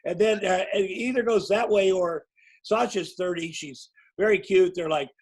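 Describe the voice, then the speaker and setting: A man's voice: high-pitched, moderate pace, darkish tone, husky, poor audio. A man in his sixties telling long, rambling, self-mocking anecdotes as a guest in a casual interview. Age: 60s. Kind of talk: casual storytelling.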